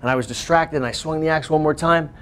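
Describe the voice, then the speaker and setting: A male teacher telling a class a lively personal story in a school classroom. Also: a little high, fast, a little hiss or hum. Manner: animated, acts out voices and screams.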